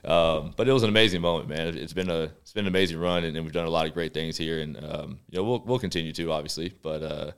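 A man from Texas with a very deep voice speaks in a relaxed, rambling way as a radio guest. His tone is smooth and resonant, with plenty of fillers as he thinks aloud. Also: fast talker, hardly any pauses. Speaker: football quarterback guest. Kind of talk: casual radio interview chat. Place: radio studio.

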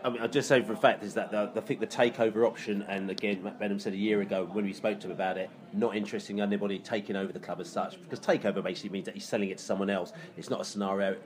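A man's voice: fairly low pitch, steady tone, racing, few pauses. A man talking casually on a football fan podcast, rambling and full of "you know". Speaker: podcast co-host. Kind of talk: casual pub podcast chat.

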